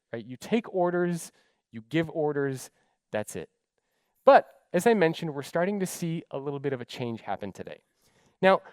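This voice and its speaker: A man's voice: on the high side, no room sound. A man giving a keynote talk, telling stories with drama and acting out the dialogue. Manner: animated, dramatic storyteller who acts out dialogue. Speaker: keynote speaker.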